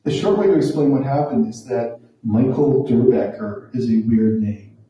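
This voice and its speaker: A man in his forties tells a stand-up story in a wry, self-deprecating, conversational way. His voice is deep-toned and mellow. The mic sits some way off, in a very echoey room. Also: normal speed, far from the mic, muffled recording. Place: small theatre room.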